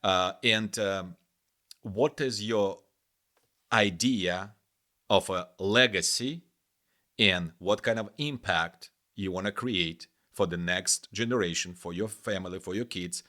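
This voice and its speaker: A man from Ukraine hosts a podcast and asks his guest questions in a rather low voice. He speaks haltingly and stops often to search for the right words. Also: pushed and bright. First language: Ukrainian or Russian. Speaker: podcast host.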